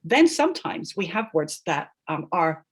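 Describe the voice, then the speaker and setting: Husky, lively-pitched woman explaining spelling. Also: normal speed. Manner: emphatic, often tags "right?", laughs between points. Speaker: guest, educational linguist. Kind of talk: animated explanatory interview talk.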